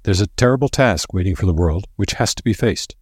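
A man reading the part of a gentle but firm young woman, speaking earnestly. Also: low-pitched, animated, fairly quick, breathy edge, no echo, clean studio sound. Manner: soft and severe by turns, earnest.

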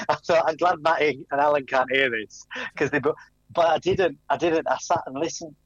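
A man's voice: medium pitch, steady tone, normal speed, no room sound, dull audio. Guy, radio guest, chatty and good-natured, dry close mic. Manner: chatty, good-humoured storyteller. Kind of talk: casual radio banter.

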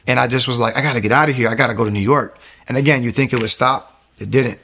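A man's voice: mid-range voice, quick pace, creaky, a bit bright. A young man in his twenties from the United States telling his personal testimony in an earnest, rambling way with many restarts. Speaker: guest sharing testimony. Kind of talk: personal testimony, casual storytelling.

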